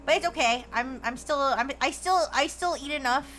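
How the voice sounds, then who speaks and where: Brief: high, bright woman streamer, rambling, playful, stop-start, faint music behind. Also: normal speed. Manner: rambling with many restarts and fillers; playful, plays a robot persona. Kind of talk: casual chat while gaming.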